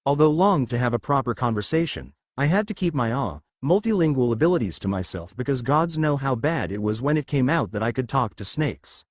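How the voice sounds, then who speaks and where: A man narrating a humorous fan fiction story in a lively reading voice. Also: mid-range voice, a little fast, few pauses, no echo, studio quality.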